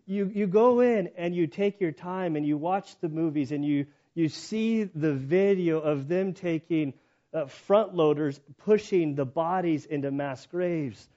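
A man's voice: high-pitched, mellow. A man giving a conversational sermon, telling a story in a chatty way with many fillers. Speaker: preacher. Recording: muffled, dull recording.

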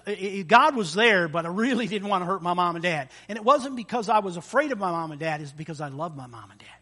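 Bright, high-voiced preaching man. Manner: animated preaching with acted-out voices and sound effects. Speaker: pastor. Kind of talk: sermon.

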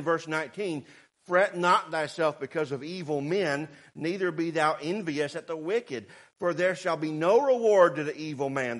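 A man preaching a sermon, fervent and swinging between shouted warnings and quiet asides. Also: fairly high pitch. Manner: fervent, rising to shouts, then quiet and sarcastic.

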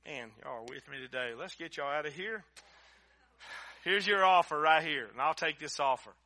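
A man preaching a sermon in a church service. He speaks folksily and directly to the congregation, swinging from loud, emphatic preaching to quiet, close appeals. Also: a little high, moderate pace. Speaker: pastor.

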